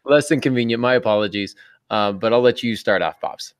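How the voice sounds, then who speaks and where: A man's voice: medium pitch, brisk, clean tone, dry recording, studio quality. A man in his thirties hosting a writing podcast in a casual, joking chat full of fillers. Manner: chatty, joking, many fillers. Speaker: podcast host.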